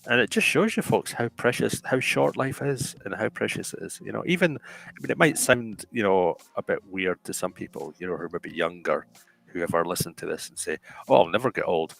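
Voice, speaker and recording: A man's voice: fairly low pitch, brisk, gravelly, fairly bright tone, dry recording, rough recording. A man hosting a casual talk show, rambling with restarts and calling his listeners folks. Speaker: podcast host. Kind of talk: casual chat.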